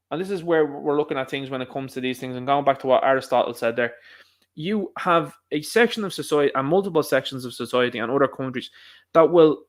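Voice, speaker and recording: A young Irish man hosting a solo podcast, talking in a rambling, emphatic way with quick asides. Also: medium pitch. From Ireland. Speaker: podcast host. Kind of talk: solo commentary monologue.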